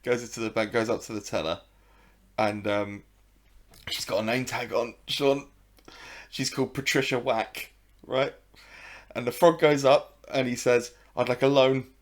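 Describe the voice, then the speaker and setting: British guy cohosting a pod, rambly and giggly, mid-pitched voice. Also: fairly even intonation, a little slow, long pauses. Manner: chatty, laughing, rambling. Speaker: podcast co-host. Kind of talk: casual chat.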